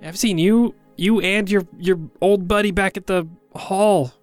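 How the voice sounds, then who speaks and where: A man's voice: high voice, steady tone, a little slow, no echo, faint music behind, voice pushed up. A man voicing a guarded young male musician, speaking in a wary, questioning way.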